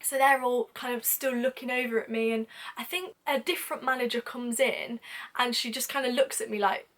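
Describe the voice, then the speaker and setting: A woman's voice: a little high, fairly even intonation, brisk, fairly bright tone. A young British woman telling a storytime vlog in a chatty, self-mocking way. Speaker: vlogger.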